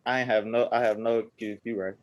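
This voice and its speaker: A man's voice: on the low side, level tone, fast, dull audio. A twenty-year-old man, a defendant at a court hearing, speaking in a subdued, apologetic way.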